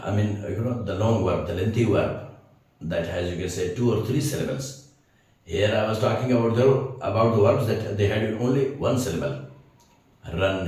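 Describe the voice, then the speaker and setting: A man's voice: on the low side, darkish tone. Hesitant man teaching grammar, echoey room. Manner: hesitant, full of fillers, often checks understanding. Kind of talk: explanatory grammar lesson. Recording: very echoey room, mic far off.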